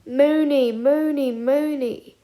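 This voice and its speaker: A woman voicing an eager, excitable teenage schoolboy wizard who talks loud and impatient. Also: high voice, moderate pace. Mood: excited.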